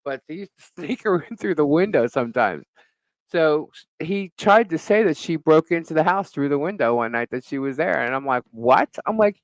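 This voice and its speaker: Man, middle-aged, casual chat host, animated storytelling, laughs a lot, higher voice, dry sound. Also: normal speed, no echo, rough recording. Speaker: podcast co-host.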